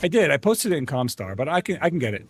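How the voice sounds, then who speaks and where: A man live-streaming a game, chatting excitedly with his viewers and laughing often. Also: fairly high pitch, quick pace, slight background noise. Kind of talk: casual gaming stream chat.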